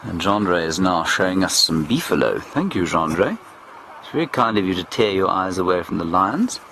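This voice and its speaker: A man's voice: low voice, lively intonation, moderate pace, fairly bright tone, a little hiss or hum. A man hosting a live wildlife broadcast, enthusiastic and wry, handing over to guides in the field. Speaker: live show host. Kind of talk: studio linking commentary.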